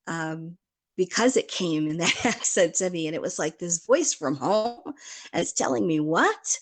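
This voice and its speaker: A woman from Chicago chatting casually as a guest, rambling in a stream-of-consciousness way and laughing often. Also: lowish voice. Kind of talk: casual chat.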